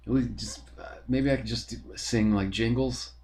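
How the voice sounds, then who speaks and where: A man's voice: mid-range voice, fairly even intonation, normal speed, darkish tone. A young man, talking in a rambling, profane, casual monologue full of fillers as a podcast host.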